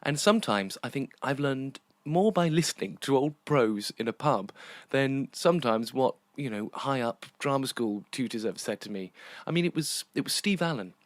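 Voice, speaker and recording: British man hosting a podcast, animated playful delivery, dry close sound. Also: medium pitch, normal speed, no room sound. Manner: playful, teasing, chatty. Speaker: podcast host and theatre director. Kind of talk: casual interview chat and monologue.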